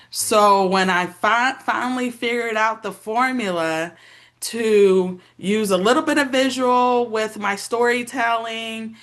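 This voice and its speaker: A woman's voice: mid-range voice, fairly bright tone. Woman reflecting in a casual meeting. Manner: reflective, conversational. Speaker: participant. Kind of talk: casual sharing in an online meeting.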